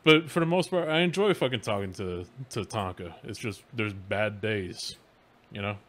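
A man's voice: on the low side, expressive, moderate pace. Stammering, defensive man on a call. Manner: defensive, stammering, trails off quietly. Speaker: fellow streamer.

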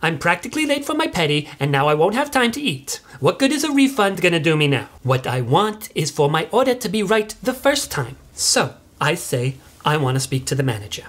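A woman's voice: lowish voice, big pitch swings, brisk, few pauses. A woman playing an entitled middle-aged suburban mother who rambles on in chatty, self-righteous complaints. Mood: indignant. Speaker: mother leaving video messages. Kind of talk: comic monologue.

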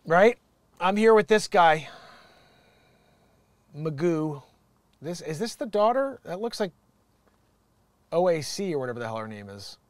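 Male host, rambling profane comic rant, higher voice, dry room. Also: big pitch swings, unhurried, long pauses, no echo. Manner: rambling, profane, laughs often. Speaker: show host. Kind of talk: ranting comedic commentary. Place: home studio.

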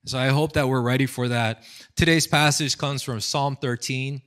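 A man's voice: medium pitch, normal speed. A man in his thirties from the United States, a pastor giving a casual storytelling sermon with lots of fillers. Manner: casual, animated storytelling with fillers and acted quotes. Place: indoors, online seminar recording.

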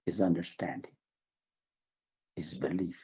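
A man from the Navajo Nation, older, giving an earnest religious testimony in an interview, halting and restarting his words. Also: sits low, a little mellow, dull audio. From Navajo Nation, American Southwest. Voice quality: gravelly, husky. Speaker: interview guest.

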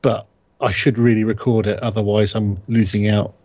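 Guy reading out listener questions, kinda husky voice, chatty podcast host. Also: lowish voice, flat delivery, moderate pace, a little mellow. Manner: chatty, reads questions out then jokes. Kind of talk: casual podcast chat.

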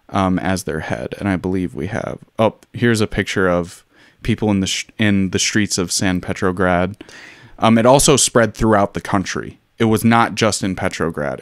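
A man's voice: sits low, moderate pace, no room sound, studio quality. A man hosting a casual history talk, loose and chatty with plenty of ums and wry asides. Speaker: podcast host.

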